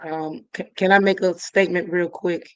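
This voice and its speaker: A woman from Illinois giving a personal testimony, halting and often restarting. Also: fairly low pitch, fairly even intonation, no room sound, dull audio. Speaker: guest.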